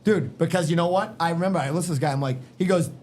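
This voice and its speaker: A middle-aged podcast guest with a slight Boston accent tells work stories in a casual chat, blunt, profane, emphatic, and street-smart. His voice is a little high and a little mellow, and he races along, recorded on a podcast microphone in a garage.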